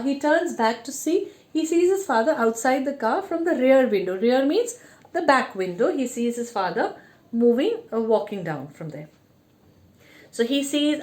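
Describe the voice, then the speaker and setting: A patient woman teacher with a fairly high voice reads a story aloud. She pauses again and again to define words in plain terms, in a slow, explaining manner.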